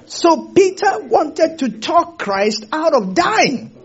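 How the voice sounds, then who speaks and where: A man preaching a sermon in a theater, animated, laughing often and asking the congregation rhetorical questions. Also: extremely high pitch, slow pace, highs cut off. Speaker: pastor. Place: theater used for a church service.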